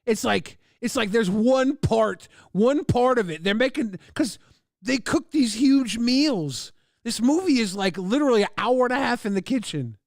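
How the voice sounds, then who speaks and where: A male streamer talking casually over a trailer, excitable and profane, laughing at his own jokes. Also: extremely high pitch, normal speed, vocal fry, dry recording, studio quality. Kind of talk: casual livestream commentary.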